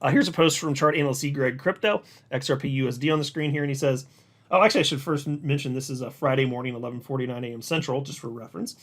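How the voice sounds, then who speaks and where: A man hosting a casual commentary show, reading out analysts' posts and reacting to them in an animated way as he talks straight to viewers. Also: medium pitch, fast talker. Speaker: crypto market commentator, channel host. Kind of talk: casual market commentary to camera.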